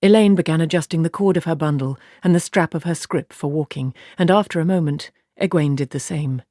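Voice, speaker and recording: A woman narrating an audiobook in an even, steady storytelling voice. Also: deep voice, fairly quick, no echo, studio quality.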